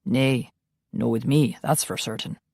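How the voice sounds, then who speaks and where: A woman voicing a gruff, centuries-old male vampire. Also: extremely low pitch, unhurried, warm tone, dry recording, clean studio sound, voice pushed down, full character voice. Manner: gruff, grumbling.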